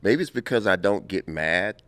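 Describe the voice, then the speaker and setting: A man in his fifties from Compton, telling stories as an interview guest, animated and quick to laugh. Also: low-pitched, no room sound. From Compton, California. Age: 50s. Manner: animated, laughing storyteller who acts out scenes. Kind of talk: casual interview storytelling.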